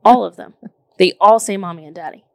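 A woman in her thirties chats casually with a gravelly edge of vocal fry. She tells her story in an animated, emphatic way, leaning on "like". Her voice sounds close and dry, with no room echo. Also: mid-range voice, a little fast. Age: 30s. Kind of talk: casual chat.

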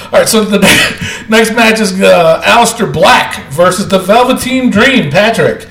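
A man's voice: sits high, expressive, measured pace, vocal fry, fairly bright tone, slight background noise. A man hosting a casual wrestling podcast, laughing often and talking in a loose, profane way. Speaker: podcast host. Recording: roomy echo.

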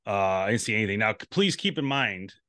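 A man's voice: lowish voice, animated, fairly quick, pushed and bright, no echo, studio quality. A man co-hosting an outdoors podcast, chatting casually and rambling through travel stories. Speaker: podcast co-host. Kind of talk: casual chat.

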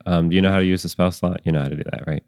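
A man's voice: sits low, steady tone, racing, darkish tone, smooth, no room sound, studio quality. A man running a tabletop game as dungeon master, in a rambling way with many ums and chuckles at himself.

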